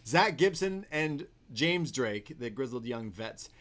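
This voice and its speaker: A man's voice: mid-range voice, animated, takes it slowly, fairly bright tone. Casual man recapping wrestling. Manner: rambling play-by-play recap, laughs often. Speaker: podcast co-host.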